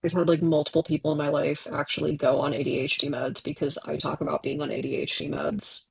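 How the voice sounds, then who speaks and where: Hoarse, gravelly streamer in their twenties. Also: mid-range voice, little pitch movement, quick pace, dry recording. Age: 20s. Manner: candid, chatty, laughs often, answers chat directly. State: hoarse from tonsillitis. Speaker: livestreamer reading chat. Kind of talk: casual chat while streaming a game.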